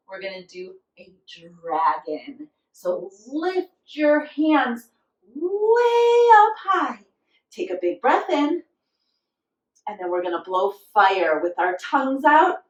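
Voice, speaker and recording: A woman leading a children's yoga class, giving gentle, encouraging instructions and now and then making playful animal noises. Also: mid-range voice, reverberant, distant mic, poor audio. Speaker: kids' yoga teacher.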